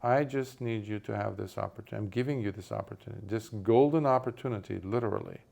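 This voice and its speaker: A man voicing a rich, generous man who speaks calmly and patiently, reassuring and explaining. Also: lowish voice, quick pace, vocal fry.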